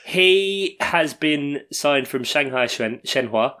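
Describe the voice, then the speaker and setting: A man's voice: a little high, animated, takes it slowly, sharp tone. A man co-hosting a casual football podcast, joking and wry as he chats. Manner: jokey, wry, playful. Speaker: podcast co-host.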